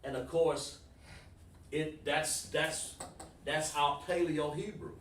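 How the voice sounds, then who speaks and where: A man's voice: on the high side, fairly even intonation, takes it slowly. Male teacher, informal, repeats himself; echoey room, mic at a distance. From South Carolina, USA. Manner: informal, repeats words, talks to students by name. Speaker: Hebrew class teacher. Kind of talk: online class lesson.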